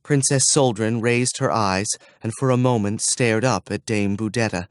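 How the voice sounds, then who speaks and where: A man reading a fantasy audiobook in a measured storytelling manner. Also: on the low side, no echo, studio quality. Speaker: audiobook narrator. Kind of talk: scripted audiobook narration.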